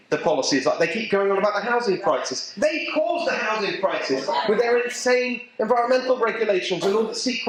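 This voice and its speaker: A middle-aged man with an English accent giving an animated, emphatic talk to a local political group, joking with the audience as he goes. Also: high voice. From England. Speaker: political speaker. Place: event venue with a live audience. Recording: echoey room.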